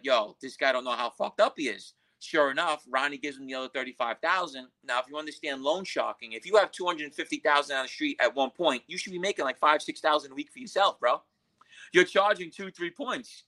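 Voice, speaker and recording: Blunt, bright-voiced New man. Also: a little high, brisk, low-quality recording. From Queens, New York. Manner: blunt street talk, profane. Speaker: podcast guest. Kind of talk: storytelling interview.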